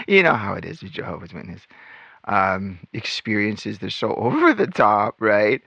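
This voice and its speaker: A man telling his life story as host of his own channel, animated and acting out remembered lines as he goes. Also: fairly low pitch, moderate pace, creaky, dry recording. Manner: animated storytelling, acts out quotes. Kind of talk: personal testimony monologue.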